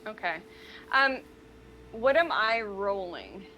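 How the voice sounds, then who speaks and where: A woman's voice: medium pitch, sing-song, slow, pushed and bright, slight background noise, low-quality recording. A woman playing a tabletop roleplaying game, playful and enthusiastic as she describes what her character does. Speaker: player.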